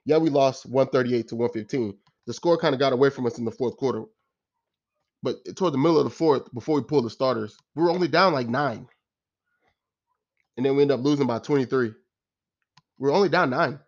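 A man's voice: mid-range voice, a little fast, pauses often, highs cut off. A man giving a casual, exasperated post-game rant as a sports fan, repeating himself and using slang.

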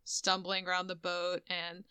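A woman's voice: lowish voice, completely flat delivery, measured pace, bright, forceful tone, clean tone, no room sound, studio quality. A woman in casual, profane chat, recapping a movie and getting emotional over its ending.

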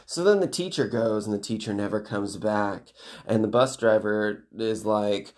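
A man's voice: on the low side, a little mellow. Man, casual plot recap, rambling and profane, loose and chatty delivery. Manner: rambling, swears, quick voice switches for characters. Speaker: book recapper. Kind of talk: casual story retelling.

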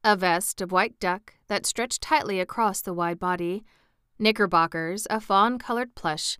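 A woman narrating a classic storybook in an even, measured reading. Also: mid-range voice, clean tone, dry recording, studio quality.

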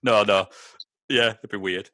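A man's voice: fairly low pitch, fairly even intonation, measured pace, pushed and bright, no room sound, studio quality. A man from Britain hosting a podcast in loose, sweary, casual chat, often acting out other people in quotes. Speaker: podcast host.

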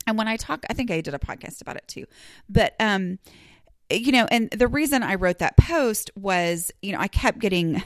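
Chatty woman with a gravelly voice. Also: medium pitch, no echo, clean studio sound. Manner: rambling, chatty, self-deprecating, many fillers. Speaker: podcast host. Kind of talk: casual solo podcast talk.

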